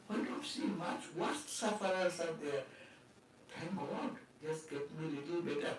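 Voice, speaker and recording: A man's voice: on the high side, unhurried, a little hiss or hum. A man giving a spiritual talk as a swami, conversational, with laughs and rhetorical questions. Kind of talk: sermon. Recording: echoey hall from far off.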